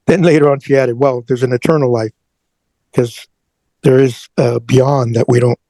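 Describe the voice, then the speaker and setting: A man's voice: medium pitch, fairly even intonation, moderate pace, dark tone, dry recording. A man who is a guest on an interview show, telling a personal story earnestly and often repeating his words.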